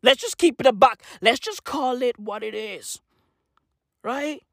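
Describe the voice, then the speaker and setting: A man's voice: very high-pitched, animated, measured pace, gravelly, dry recording, studio quality. A man delivering a satirical rant to camera, slangy and profane, with mock-serious rhetorical questions. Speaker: comedic commentator.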